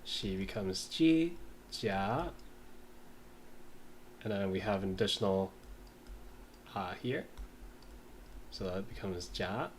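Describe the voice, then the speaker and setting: A man in a casual study session, reading lines aloud slowly and mumbling as he writes and sounds out words. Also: sits low, slight background noise. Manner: slow, mumbling while writing, sounds out words. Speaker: language learner.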